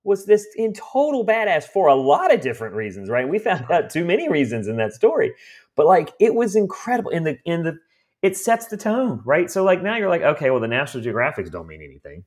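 This estate cleanout owner has a fairly high-pitched voice and talks fairly quickly. Animated and conversational, he tells stories and acts out the people in them.

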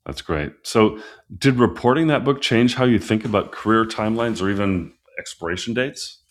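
A man's voice: lowish voice, normal speed. A man hosting an interview, asking questions and affirming his guest's answers. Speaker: interviewer host. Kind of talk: conversational interview.

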